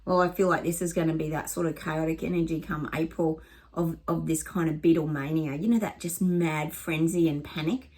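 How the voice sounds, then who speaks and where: Husky low-voiced woman giving a psychic reading. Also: steady tone, a little fast, darkish tone. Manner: rambling, emphatic, many ums and restarts. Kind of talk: psychic reading monologue to camera.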